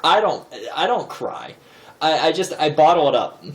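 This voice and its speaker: A man's voice: a little high, sing-song, normal speed. A man in his thirties talking to camera in a casual, rambling, self-deprecating comic monologue. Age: 30s. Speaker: vlogger host. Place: indoor room, seated in a chair. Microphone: camera propped in a desk drawer.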